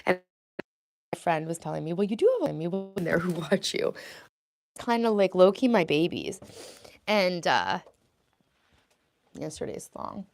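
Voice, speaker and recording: A woman's voice: fairly low pitch, expressive, unhurried, gravelly, pauses often. A young woman on a casual live stream, chatting with viewers, answering their comments aloud and sharing self-help thoughts.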